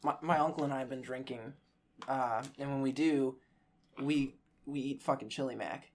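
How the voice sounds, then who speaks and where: A man's voice: mid-range voice, steady tone, normal speed, a little mellow. A man hosting a casual comedy podcast, telling loose, profane stories. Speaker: podcast host.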